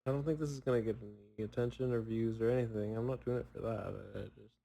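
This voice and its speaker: A young man talks loosely to himself, drifting from thought to thought and poking fun at himself. His voice is mellow and dark, with long pauses left in. It sounds like a relaxed solo chat. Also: mid-range voice, gravelly, rough recording. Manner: rambling, self-mocking, long pauses. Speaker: podcaster.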